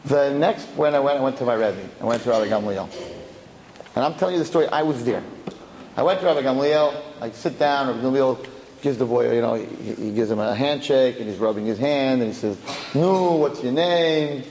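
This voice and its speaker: A man speaking as a rabbi, telling a story in a lively way and acting out the people in it. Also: medium pitch, brisk, a little hiss or hum. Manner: animated, acts out the dialogue of the story. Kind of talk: storytelling talk. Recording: echoey hall.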